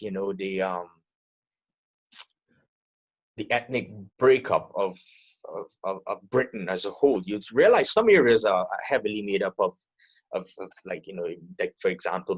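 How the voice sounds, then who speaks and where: A man's voice: low-pitched, moderate pace, muffled recording. A man speaking as an interview guest in a casual, hesitant way, often repeating words as he gathers his thoughts. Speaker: guest, air force electrical technician.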